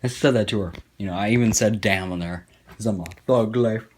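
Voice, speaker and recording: A man's voice: lowish voice, a little fast, darkish tone, slight background noise. A young man telling a sarcastic, profane story as casual commentary over gameplay. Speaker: gaming commentator.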